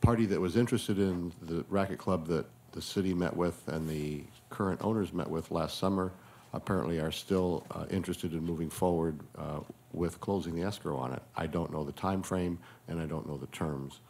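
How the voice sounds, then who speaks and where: Very deep-voiced city staffer. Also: male voice, steady tone, moderate pace, creaky, a little mellow, slight background noise. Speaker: city staff member advising a board. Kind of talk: public meeting remarks. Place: city hall meeting chamber.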